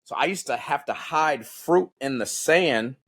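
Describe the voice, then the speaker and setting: A man, a former Navy SEAL guest on a podcast, telling stories in a casual, animated and profane way. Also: fairly high pitch, a little slow, husky. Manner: animated, profane, acts out voices in his stories. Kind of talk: casual storytelling in an interview.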